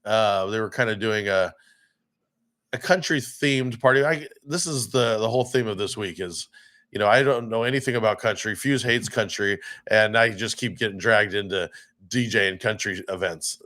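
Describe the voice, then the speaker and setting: A man's voice: fairly low pitch, normal speed, a bit bright. Casual storytelling male DJ host. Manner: rambling storyteller, swears, acts out quoted people. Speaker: podcast co-host, DJ. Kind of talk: casual chat.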